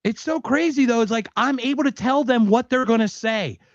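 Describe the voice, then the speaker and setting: A man's voice: very high-pitched, brisk, dry recording, muffled recording. A man co-hosting a podcast, reacting to clips with heated, mocking, profane commentary. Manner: heated, mocking, swears constantly. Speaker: podcast co-host.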